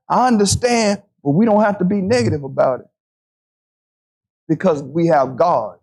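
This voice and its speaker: Man, preacher, very high voice, emphatic sermon, repeats phrases. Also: darkish tone. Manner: emphatic, repeating phrases, slowing down to stress scripture.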